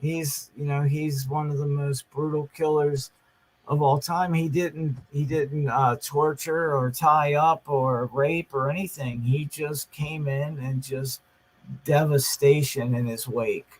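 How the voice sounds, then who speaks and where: A man calmly explaining true-crime facts in a casual chat, with many ums and you-knows. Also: on the high side, slow pace, low-quality recording. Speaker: podcast co-host.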